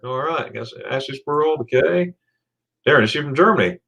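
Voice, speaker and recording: A man's voice: fairly high pitch, fairly quick, gravelly, fairly bright tone, muffled recording. A man hosting a casual livestream, chatting with a guest and reading viewer comments aloud, with frequent restarts. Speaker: livestream host.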